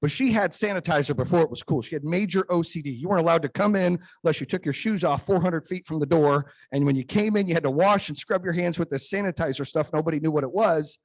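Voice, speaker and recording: A man's voice: on the high side, fast talker, hardly any pauses, dry recording. A man in his forties giving a motivational keynote speech, telling stories with emphasis and frequent "right?" tag questions. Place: event stage before a live audience.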